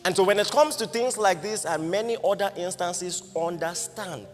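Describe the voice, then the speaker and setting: In a reverberant hall with faint music behind him, a man with a Nigerian accent gives a storytelling sermon. He speaks in a high voice at normal speed, relating a personal anecdote with energy and asking the congregation one rhetorical question after another.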